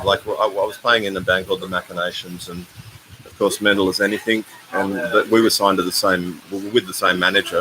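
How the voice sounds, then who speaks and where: A deep-voiced man in his sixties chats casually on a live stream from a residential complex. He rambles between stories and thanks donors one by one. A steady wash of ambient noise sits behind him. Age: 60s. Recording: noisy ambient background.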